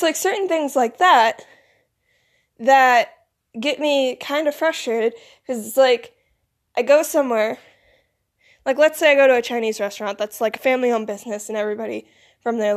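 A woman with a Michigan accent talking in a casual, rambling monologue. She is groggy from just waking up and keeps filling gaps with "like" and "you know". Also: on the high side. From United States. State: groggy, recently woken. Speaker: vlogger.

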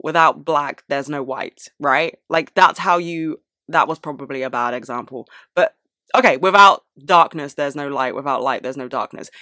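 A young woman speaking candidly to camera, frank and sweary, with animated outbursts. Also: low-pitched, dry recording, clean studio sound. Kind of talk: candid personal monologue.

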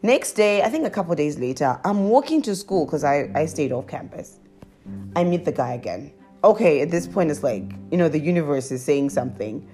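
A woman telling her viewers a confessional story in a chatty, animated way, laughing as she goes. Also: a little fast, faint music behind. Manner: laughs often and breaks into high squeals. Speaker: vlogger.

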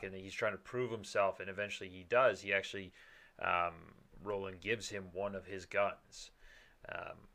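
A man's voice: sits low, flat delivery, moderate pace, sharp tone. A man in casual chat, rambling with many restarts and the odd swear word.

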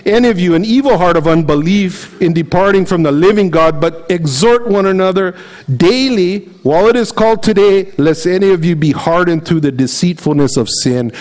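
A man's voice: high-pitched, moderate pace, poor audio. Man preaching a conversational sermon. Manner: conversational preaching, reads scripture aloud, animated storytelling. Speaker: pastor.

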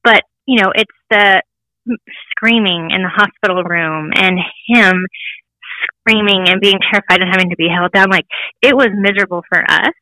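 Thirties woman, interview guest, candid and bright, dry close mic. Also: medium pitch, normal speed, no room sound, rough recording. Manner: candid, laughs often, acts out voices in quotes. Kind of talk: personal testimony interview.

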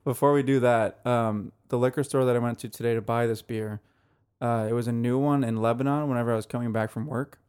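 A man's voice: medium pitch, fairly even intonation, brisk, darkish tone, clear, resonant tone. Easygoing man co-hosting a podcast. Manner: easygoing, with frequent "like" fillers. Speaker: podcast co-host. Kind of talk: casual chat reviewing beer and music.

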